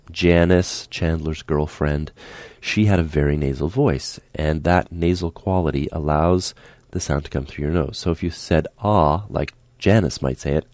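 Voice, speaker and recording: A man teaching a speech lesson, calm and patient, demonstrating the sounds aloud as he explains them. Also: a bass voice, no echo.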